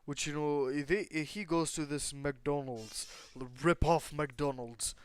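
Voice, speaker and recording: A man's voice: on the high side, takes it slowly, smooth. A young man improvising a fan story, rambling with constant fillers, restarts and casual swearing.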